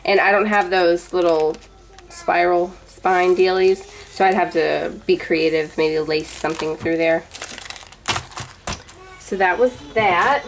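Woman, 30s, lower-pitched, chatty unboxing vlogger, rambling and gushing; light background hiss. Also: fairly even intonation, takes it slowly, low-quality recording. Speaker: vlogger showing a gift box. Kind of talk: casual show-and-tell unboxing.

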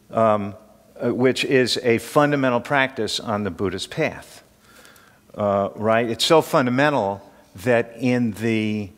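A man's voice: on the low side, big-room sound. An older man teaching a class in an informal, conversational way, often asking questions of the room.

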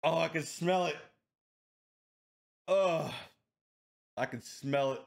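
A man vlogging a spicy food challenge, excitable and swearing, groaning and coughing as the heat hits him. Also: a little high, takes it slowly, gravelly. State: in pain from heat, teary. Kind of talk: casual food challenge vlog.

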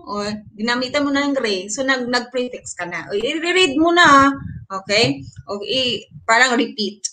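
Over poor-quality audio, a woman with a Filipino accent teaches online in a fairly high, animated voice with a sharp tone at normal speed. She blends English with Tagalog and checks in encouragingly with her learners, often asking "okay?".

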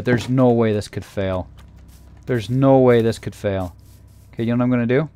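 A man narrating a scary game playthrough in a theatrical way, dropping to a hush and then shouting in panic. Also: mid-range voice, moderate pace, clean tone. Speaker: let's player. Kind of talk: acted creepypasta gameplay narration.

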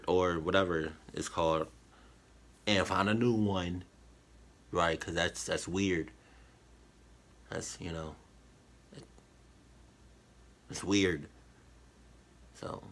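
Dude reacting to a scary story, deep-ish voice, shouting out "who does that" type stuff, laughing a lot. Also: male voice. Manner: loud, animated exclamations with slang and laughter. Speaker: reaction video host. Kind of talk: casual reaction commentary.

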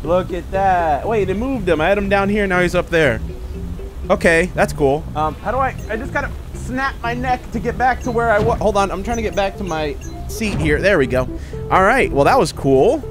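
High, excitable gaming commentator man. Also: normal speed. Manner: excitable, self-mocking, frequent laughs and exclamations. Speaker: gaming YouTuber. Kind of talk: casual let's-play commentary. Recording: commentary over loud game music.

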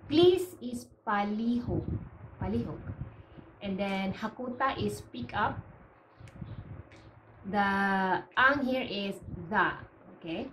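A woman's voice: medium pitch, slow, long pauses, fairly bright tone, a little hiss or hum, rough recording. A woman who speaks as her teaches an online language lesson, explaining patiently step by step and often checking in with "okay?".

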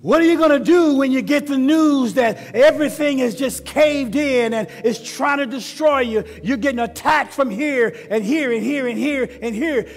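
A man's voice: very high-pitched, animated, normal speed, hardly any pauses. A male pastor, preaching a sermon in repeated rising questions that swell and fall. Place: church sanctuary. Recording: long church reverb with music. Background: instrumental music.

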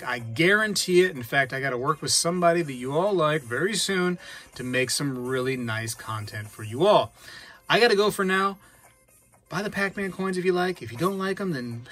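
A man hosting a casual hobby vlog, chatting and reacting out loud while he plays a game. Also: on the high side. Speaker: coin-collecting channel host.

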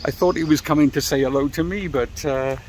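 A man's voice: fairly high pitch, brisk, darkish tone, slight background noise. A middle-aged man, chatting casually to camera as a motorcycle vlogger while walking around outside by a church, rambling and talking straight to his viewers. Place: outdoors by a church and graveyard.

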